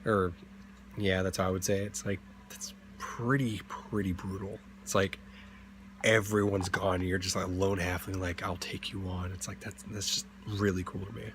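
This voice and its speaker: A man's voice: sits low, little pitch movement, normal speed, slight background noise. A young man hosting a tabletop game channel, chatting casually in a rambling way, full of fillers and self-corrections. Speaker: D&D channel host.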